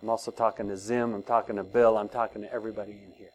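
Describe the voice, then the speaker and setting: An older man preaching a sermon to his congregation, animated and often laughing as he talks. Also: on the low side, rapid-fire, background noise. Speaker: pastor.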